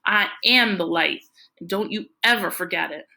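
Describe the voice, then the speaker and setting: A woman's voice: fairly low pitch, moderate pace, creaky, bright, forceful tone, exaggerated voice. A woman voicing a domineering ex-convict preacher, a middle-aged man who speaks in a drawling, bossy way. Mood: menacing. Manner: drawling, domineering, calls the boy "boy".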